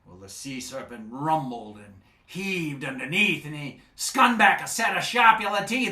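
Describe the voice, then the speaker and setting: A man reciting a storytelling poem on a festival stage with a rhythmic, animated delivery. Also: on the high side, unhurried, few pauses. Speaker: poetry reciter. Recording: echoey live stage.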